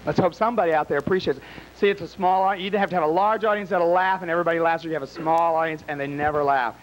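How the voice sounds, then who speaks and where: A man's voice: a little high, steady tone, racing, a little hiss or hum, rough recording. A man emceeing a live game show in a small bar, teasing and wisecracking with the contestants and the crowd.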